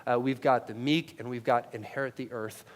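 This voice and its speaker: A male pastor preaching a sermon in a conversational way, tagging lines with "right?" and swinging from loud emphatic peaks to quiet low asides, on a headset mic. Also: fairly even intonation, normal speed.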